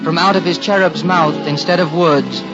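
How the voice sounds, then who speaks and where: A man narrating a storybook tale with expressive, swinging delivery. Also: fairly high pitch, moderate pace, muffled recording, music in the background.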